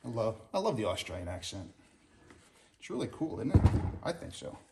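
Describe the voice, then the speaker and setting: A man's voice: lowish voice, sing-song, moderate pace, creaky, very noisy. A man working on a car and talking through the repair to the camera in a folksy, casual how-to style. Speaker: home mechanic.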